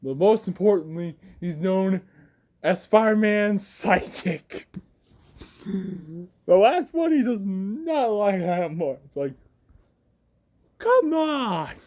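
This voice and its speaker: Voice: mid-range voice, animated, takes it slowly, a little mellow. A young adult fan narrator casually telling a story, chatty and laughing at their own tale.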